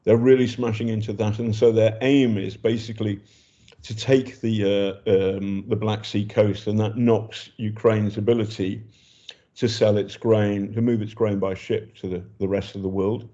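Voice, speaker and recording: A man's voice: lowish voice, little pitch movement, normal speed, mellow, muffled recording. An older British man, a journalist reporting from a war zone, talking in a chatty, hesitant way with many ums and restarts. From Britain. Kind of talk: casual spoken report.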